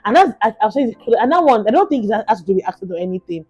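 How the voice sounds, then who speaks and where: Nigerian woman co-host, rapid and animated, faint music under her, chatty podcast talk. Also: mid-range voice, husky, muffled recording. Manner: fast-talking, animated, repeats herself. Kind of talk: casual chat.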